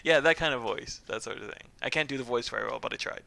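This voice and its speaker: Bright-voiced joking male streamer. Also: medium pitch, quick pace, gravelly. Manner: chatty, joking, laughs often. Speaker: streamer playing a game. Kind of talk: casual let's-play commentary.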